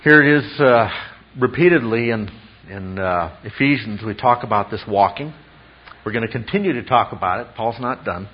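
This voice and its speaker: A man's voice: medium pitch, moderate pace, slightly rough. A man preaching an expository sermon as a pastor, teacherly, often checking in with rhetorical questions. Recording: dull lo-fi sound.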